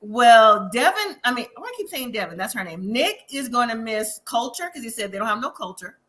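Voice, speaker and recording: Bright high-voiced woman co-host. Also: fairly quick. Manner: animated, laughs often, asks rhetorical questions. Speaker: podcast co-host. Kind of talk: casual live review chat.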